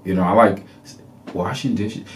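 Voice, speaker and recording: A man hosting a podcast, telling a personal story in an animated way and acting out the people in it. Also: low-pitched, normal speed. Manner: animated, laughing, reenacts people. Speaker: podcast host.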